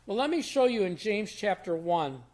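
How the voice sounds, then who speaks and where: A Bible teacher gives a short, casual, conversational devotional, explaining verses in everyday words. The medium-pitched, slightly mellow voice is very animated at a normal speed, often repeating and restarting phrases while thinking aloud.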